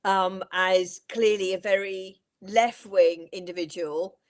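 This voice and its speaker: A woman at a middle pitch runs the interview with playful, teasing questions. She keeps a relaxed, chatty flow and laughs along with her guest. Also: slow. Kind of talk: casual chat on a live stream.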